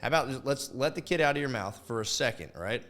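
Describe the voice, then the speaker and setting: A man's voice: mid-range voice, expressive, fast, fairly bright tone, soft background music, pitched above the performer's own voice, lightly acted. A man voicing a laid-back male deer who talks a crocodile round. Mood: coaxing. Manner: easygoing, coaxing.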